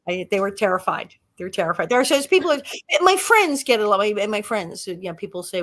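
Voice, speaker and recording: A woman in her sixties with a bright, forward voice spins lively stories as a podcast guest. She laughs often and keeps a relaxed, casual chat going. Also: medium pitch, a little fast. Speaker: guest actress. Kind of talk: casual interview storytelling.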